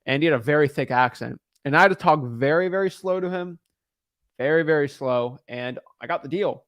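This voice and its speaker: Chatty man, fairly high voice, dry sound. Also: brisk, fairly bright tone, dry recording. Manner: rambling, repeats words when starting sentences. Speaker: real estate wholesaler making cold calls. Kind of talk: casual explanation to viewers and sales call.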